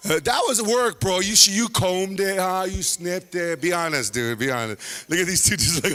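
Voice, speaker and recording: A man hosting a live stand-up show, teasing the audience and dropping into quick voices of the people he talks about. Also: sits high, lively intonation, bright, forceful tone. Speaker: stand-up comedian and host. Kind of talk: stand-up crowd work.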